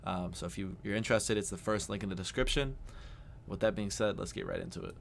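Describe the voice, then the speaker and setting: A young man from the United States talks through a reaction video in a lively, chatty way. His low voice has a gravelly, creaky edge. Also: fast, slight background noise. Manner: energetic, chatty, exclaims often. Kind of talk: casual reaction commentary.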